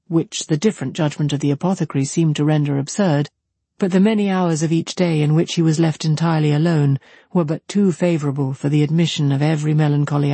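A narrator giving a measured, even reading of a classic novel. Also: mid-range voice, husky, no room sound. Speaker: audiobook narrator.

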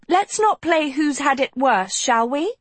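A woman voicing a high-strung, gushing teenage girl. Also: unhurried, dry recording. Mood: urgent. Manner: gushing, theatrical, flattering.

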